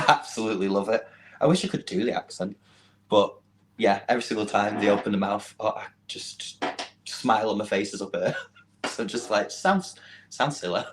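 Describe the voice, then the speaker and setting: A man's voice: fairly low pitch, normal speed, background noise. A man with a Mancunian accent chatting as a podcast guest, giggly and self-deprecating, laughing often. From Manchester, England. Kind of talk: casual chat.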